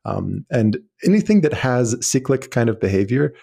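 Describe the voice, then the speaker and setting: A man's voice: medium pitch, sing-song, moderate pace, vocal fry, warm tone, slightly rough. A man, a guest mathematician, explaining ideas eagerly in casual chat with frequent fillers.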